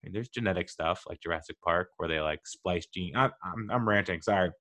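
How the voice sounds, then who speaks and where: A man's voice: low-pitched, fairly quick, a bit bright. A young man hosting his own podcast, talking in a playful, self-mocking way with rambling asides. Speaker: podcast host. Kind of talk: casual solo podcast monologue.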